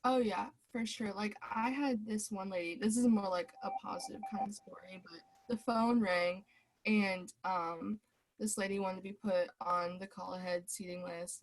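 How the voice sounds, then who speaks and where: A woman's voice: medium pitch, steady tone, moderate pace. Chatty young woman telling a story. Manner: chatty, acts out quoted dialogue. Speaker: student. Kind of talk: casual storytelling on video call. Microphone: video call.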